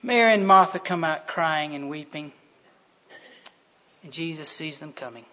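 A man preaching a sermon as a storyteller, swinging between loud emphasis and hushed delivery. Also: a little high, a little slow. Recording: dull lo-fi recording.

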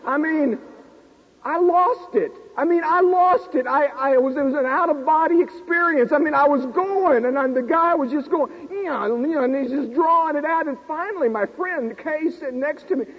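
A man in his forties preaching a sermon, an animated storyteller who pokes fun at himself in front of a live congregation. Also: very high voice, moderate pace. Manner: animated, self-deprecating storyteller talking to a live audience. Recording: tinny lo-fi recording in a reverberant hall.

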